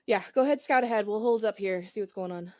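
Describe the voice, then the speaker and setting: A woman at a tabletop game talks casually and thinks aloud, pausing often with "um"s. Her pitch sits mid-range and the sound is dry and close. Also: mellow, no room sound. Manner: hesitant, thinking aloud with many "um"s. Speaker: player.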